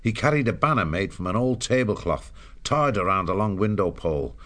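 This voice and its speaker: A man narrating an audiobook in a steady, measured storytelling voice. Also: fairly low pitch.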